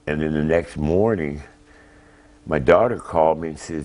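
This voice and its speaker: Older grandpa, very low voice, plain halting talk in a TV interview. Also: male voice, darkish tone. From Ohio. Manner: plain, halting, retells phone calls. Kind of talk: emotional interview answers.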